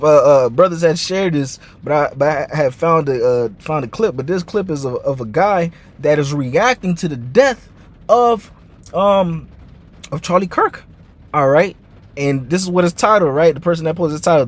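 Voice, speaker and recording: A man giving casual commentary built on scripture, ending nearly every phrase with "man" or "all right" and often stammering through restarts. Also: on the high side. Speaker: online commentator and preacher.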